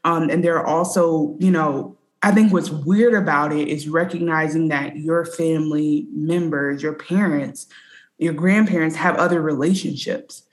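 A woman in casual chat, telling personal stories about a TV episode in an animated way. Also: deep voice, unhurried.

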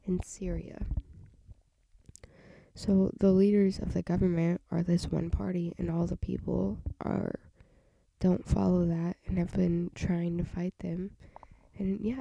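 A woman's voice: on the low side, vocal fry, dark tone, slight background noise. A young woman with a stuffy nose hosting a casual solo podcast, rambling with half-whispered asides into a home mic. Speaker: podcast host.

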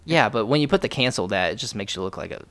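A man's voice: on the low side, lively intonation, racing, vocal fry. A young man co-hosting a podcast, chatting casually and jokingly about video games, often trailing off and restarting. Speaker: podcast co-host. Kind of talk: casual gaming chat.

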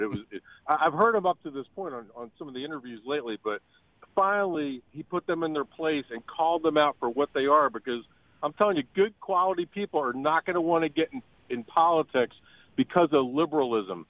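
A man calling into a radio show, excited and stumbling over words. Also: fairly high pitch, brisk, no echo. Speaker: radio caller. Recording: dry tinny phone line.

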